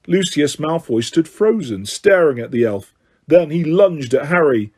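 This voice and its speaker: A man narrating an audiobook in a steady reading voice. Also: on the high side, unhurried, husky. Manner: steady reading, occasional self-corrections. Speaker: audiobook reader.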